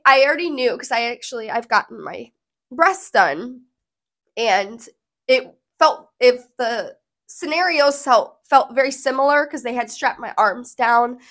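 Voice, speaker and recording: Woman vlogging, rambly and emotional, kinda high voice, just talking to the camera. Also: lively intonation, measured pace, a bit bright. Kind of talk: casual personal storytelling to camera.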